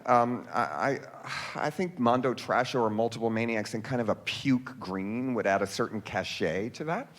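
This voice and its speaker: A man performing a comic stage monologue from a theater stage, telling stories in a wry, dry way full of quick asides. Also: medium pitch.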